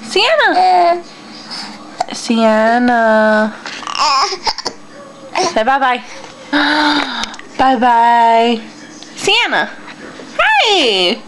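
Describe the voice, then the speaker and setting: High, slow sing-song mother's baby talk. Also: very animated, a bit bright, a little hiss or hum, rough recording. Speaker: mother talking to her baby. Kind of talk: home video baby talk.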